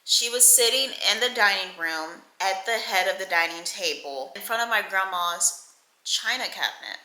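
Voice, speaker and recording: Bright-voiced woman telling a storytime. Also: medium pitch, normal speed. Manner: candid, profane, animated retelling with quoted voices. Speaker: storytime vlogger. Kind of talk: casual storytelling. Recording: echoey room.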